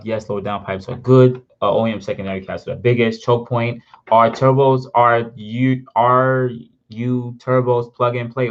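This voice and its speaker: A man hosting a casual car livestream, reading chat and answering questions in an excitable, rambling way. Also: mid-range voice, muffled recording. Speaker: car channel host answering live chat.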